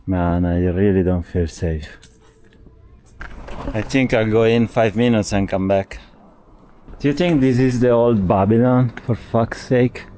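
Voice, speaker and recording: Outdoors at ruins, a cycling vlogger with an Italian accent films a casual travel vlog, hot and tired, grumbling and swearing to the camera. His voice is fairly low and dark, with a measured pace and long pauses.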